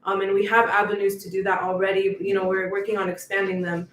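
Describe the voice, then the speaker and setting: A person speaking casually as a guest on a livestream, unhurried and full of fillers like "you know" and "um". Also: mid-range voice, little pitch movement, fairly bright tone, roomy sound, recorded from a distance, a little hiss or hum.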